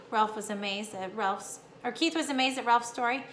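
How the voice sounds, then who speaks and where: Bright-voiced teacher reading aloud. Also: female voice, medium pitch, moderate pace, hardly any pauses. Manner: warm-up questions to the class, lively reading. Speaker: fourth-grade teacher. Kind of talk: reading a chapter book aloud. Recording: echoey room, faint hum.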